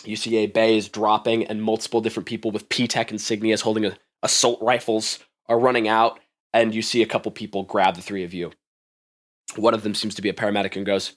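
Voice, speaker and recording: A man's voice: on the low side, flat delivery, brisk. A man narrating a tabletop game as game master, vivid and often laughing.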